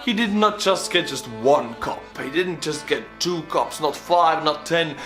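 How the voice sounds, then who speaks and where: Animated Estonian man reacting. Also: fairly high pitch, a little slow, hardly any pauses, faint music behind. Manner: animated, exclaiming, laughing. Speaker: YouTuber reacting to a video. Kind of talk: casual reaction commentary.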